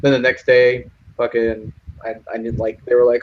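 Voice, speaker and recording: Young dude cussing through a story on a dull-sounding voice chat. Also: male voice, mid-range voice, flat delivery, normal speed, a little hiss or hum. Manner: swearing, acts out quotes in other voices. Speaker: lobby chat regular.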